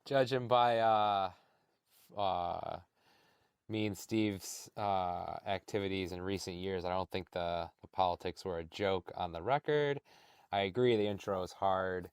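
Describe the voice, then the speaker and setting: A man's voice: sits low, a little slow, smooth, no room sound, studio quality. A man hosting a podcast in casual chat, laid-back and swearing freely, with lots of fillers. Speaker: podcast host.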